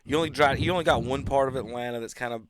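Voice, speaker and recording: A man's voice: mid-range voice, very fast, crowd noise. A man hosting a sports talk show, telling jokey stories in casual chat and laughing often.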